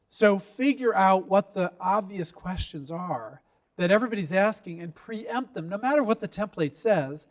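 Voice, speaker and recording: Man, high voice, middle-aged, investor workshop talk, lively, quizzes the room. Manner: lively, quizzes the audience, acts out quotes. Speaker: investor giving pitch advice. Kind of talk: workshop talk to a live audience.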